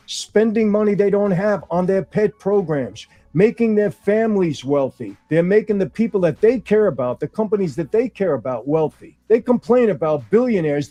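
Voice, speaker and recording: A man's voice: high voice, mellow. A male political commentator speaking insistently and repeating rhetorical questions. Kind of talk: opinion commentary.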